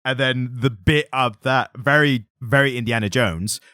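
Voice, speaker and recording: A man co-hosting a podcast, chatting casually about a comic with quick asides and self-interruptions. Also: medium pitch, pushed and bright, clean tone, no echo, studio quality. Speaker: podcast co-host.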